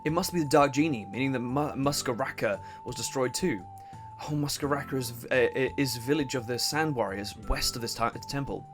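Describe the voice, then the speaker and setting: A man voicing a young male desert warrior who is ashamed and doubts himself, read low and slow in a game let's play. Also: music in the background, natural voice. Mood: grim.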